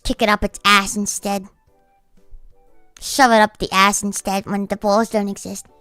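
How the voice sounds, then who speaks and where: A woman's voice: mid-range voice, level tone, normal speed, bright, forceful tone, clean tone, no room sound, faint music behind. A woman streaming, chatting casually in a blunt, profane, ranting way. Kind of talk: casual livestream chat.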